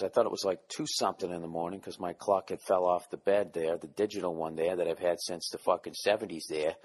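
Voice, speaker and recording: A man's voice: fairly even intonation, a little fast, hardly any pauses. A man hosting his podcast, rambling comedically with lots of swearing and self-mockery, keeping his voice down at times. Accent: Boston. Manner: profane, self-mocking, jumps into silly voices; keeping voice down, quiet and low at times. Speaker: podcast host.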